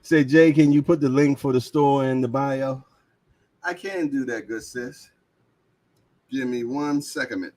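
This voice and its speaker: A man's voice: medium pitch, a little slow, warm tone. A man hosting a livestream, chatting casually and reading viewer comments aloud with a laid-back, slangy manner. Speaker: livestream host.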